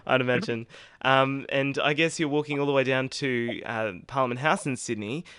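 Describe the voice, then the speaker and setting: Guy doing a radio interview, smooth voice, dry studio sound, friendly, lots of ums. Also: medium pitch, moderate pace, a bit bright, no room sound.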